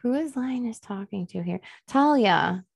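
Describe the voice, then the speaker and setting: A woman's voice: a little high, expressive, measured pace, creaky, slightly rough. A woman co-hosting a podcast, chatting casually about a book, rambling, laughing often and poking fun at herself. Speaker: podcast co-host. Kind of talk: casual book club chat.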